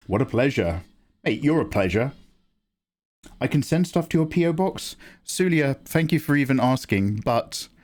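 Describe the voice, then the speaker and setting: A man hosts a drawing livestream, reading out chat and bantering. His pitch swings widely as he jokes, and he swears without a second thought. His voice sits in an ordinary middle register. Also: a little mellow. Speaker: livestream host. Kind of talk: casual chat while drawing.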